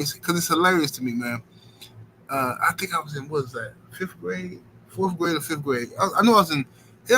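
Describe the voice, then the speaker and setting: A man's voice: fairly high pitch, pushed and bright, slight background noise, poor audio. A man hosting a boxing livestream, rambling in slangy casual chat and filling it with "you know what I'm saying.".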